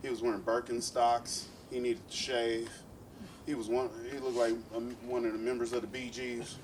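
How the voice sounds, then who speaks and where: A man's voice: mid-range voice, flat delivery, moderate pace, background noise. A man from East Oakland doing a profane stand-up comedy set with playful asides. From East Oakland, California. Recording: live club set, distant mic, loud crowd.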